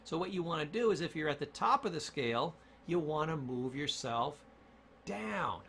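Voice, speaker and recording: A man's voice: a little high, expressive, normal speed, gravelly, fairly bright tone, a little hiss or hum. A man giving an emphatic motivational lesson on self-talk and word choice, repeating key points for stress. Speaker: communication coach.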